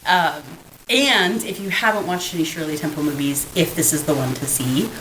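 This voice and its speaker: A woman co-hosting a podcast in casual chat, dramatic and animated, often breaking into laughter. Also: deep voice, moderate pace, noisy background. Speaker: podcast co-host. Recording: roomy echo.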